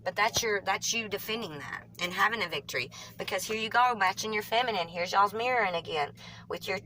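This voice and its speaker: A woman with a Southern US country twang, reading tarot cards for viewers in a fast, rambling way, often correcting herself mid-sentence. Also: mid-range voice, pushed and bright, a little hiss or hum, poor audio. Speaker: tarot reader.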